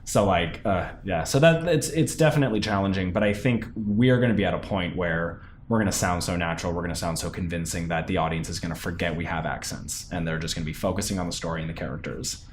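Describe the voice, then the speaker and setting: A man's voice: sits low, fast, hardly any pauses, a little hiss or hum. A young man, a stage actor, chatting in an interview about his role, talking animatedly with many fillers and restarts. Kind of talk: casual interview.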